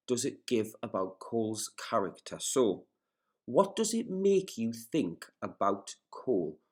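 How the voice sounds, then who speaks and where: In a recorded lesson, a male teacher reads a story aloud, pausing to explain vocabulary and pose questions. His voice is lowish and slightly rough, and his classroom delivery is patient, careful, and measured.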